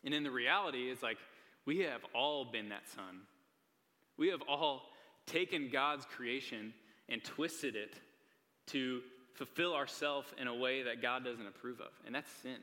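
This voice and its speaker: A man's voice: mid-range voice, normal speed, pushed and bright. A young man preaching a sermon to a live audience in a church hall, earnest and casual, with frequent "like" and "right?" asides. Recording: long hall reverb.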